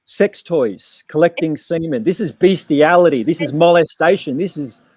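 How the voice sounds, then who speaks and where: A man's voice: fairly high pitch, normal speed, husky, dry recording. Blunt man with a dry, close sound. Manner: blunt, forceful advice, repeats phrases. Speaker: guest activist. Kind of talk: casual chat.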